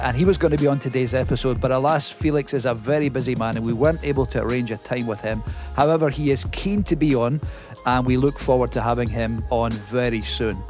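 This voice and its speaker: A man of middle pitch hosting a podcast, friendly and lightly humorous as he welcomes guests. Soft music sits faintly under his voice. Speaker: podcast host. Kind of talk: casual interview chat.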